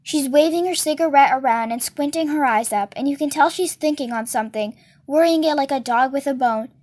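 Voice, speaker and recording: Casting: high-pitched woman, storybook reader, does all the voices. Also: brisk, darkish tone. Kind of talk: reading a novel aloud.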